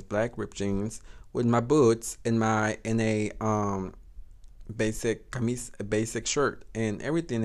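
Podcast host, young man, lively swooping pitch, loose storytelling with frequent laughs. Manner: animated, swearing, code-switching Spanish words, laughing often. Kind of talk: casual storytelling.

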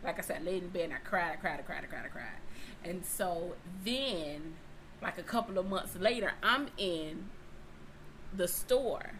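Animated woman telling a story. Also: on the low side, moderate pace, a little hiss or hum, poor audio. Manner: animated, acts out both sides of dialogue. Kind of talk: casual storytelling chat.

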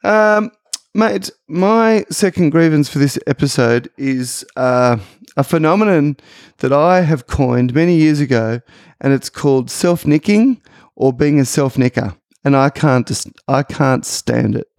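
Middle-aged Australian man, podcast co-host. Opinionated ranter, gravelly tone, dry close sound. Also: on the high side, a little slow, darkish tone, no room sound. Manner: ranting, opinionated. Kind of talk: casual chat.

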